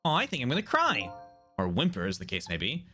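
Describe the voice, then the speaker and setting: A man voicing an excitable small male pet dog in a game, eager and fussing. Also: medium pitch, quick pace, soft background music, pitched below the performer's own voice. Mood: moved.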